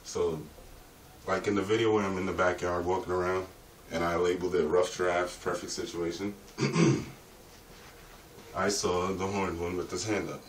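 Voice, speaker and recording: A man's voice: sits low, flat delivery, moderate pace, long pauses. A man delivering a rambling, profane vlog monologue in a streetwise way. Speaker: vlogger. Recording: roomy echo, distant mic, faint ambient noise.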